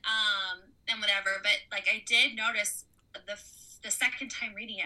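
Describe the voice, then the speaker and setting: Giggly, very bright-voiced woman. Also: fairly high pitch, moderate pace, distant mic, poor audio. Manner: giggly, rambling, lots of "like". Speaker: book podcast co-host. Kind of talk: casual book review chat.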